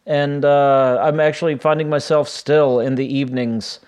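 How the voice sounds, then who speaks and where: A man hosting a casual solo podcast, his voice a little raspy and weak after laryngitis, rambling and self-deprecating with many fillers. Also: mid-range voice, steady tone, moderate pace, a little mellow. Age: 40s. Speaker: podcast host. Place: home.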